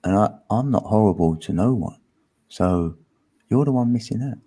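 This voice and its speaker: Deep-voiced man hosting casually. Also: expressive, normal speed, warm tone, slightly rough. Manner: slangy, laughs often. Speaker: live stream host. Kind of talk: casual chat.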